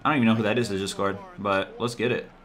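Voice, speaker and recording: A man's voice: on the low side, very fast. A man talking over his own basketball video game, cheering and groaning at the players and muttering to himself between plays. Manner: excitable, talks to the players on screen, swings from mutters to yells. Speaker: gaming YouTuber. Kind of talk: live gameplay commentary.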